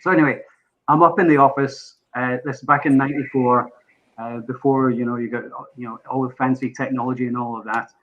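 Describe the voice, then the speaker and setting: A man with an English accent, a podcast guest in casual chat, animated as he tells an anecdote with bursts of laughter. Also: medium pitch, fairly quick, narrow, tinny audio. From England.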